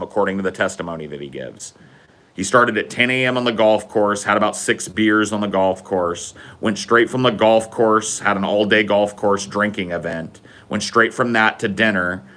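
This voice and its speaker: Man, low voice, blunt, sardonic, swears a lot, casual podcast host, outdoors. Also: pushed and bright. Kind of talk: casual solo commentary. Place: outdoors, smoking before going in.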